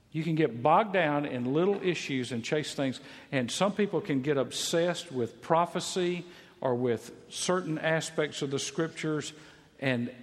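A man preaching a sermon, emphatic, repeating key phrases for stress. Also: mid-range voice. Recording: long reverb of a large hall.

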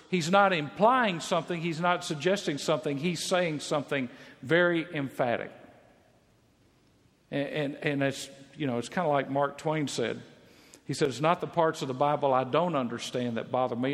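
A man preaching a sermon, emphatic, repeating key phrases for stress. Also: a little high. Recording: long reverb of a large hall.

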